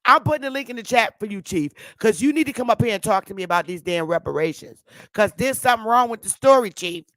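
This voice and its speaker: Brash woman with a bright, dry voice. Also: a little high, animated, fast, no room sound. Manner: brash, loud and blunt. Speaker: livestream host. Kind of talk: ranting live-stream commentary.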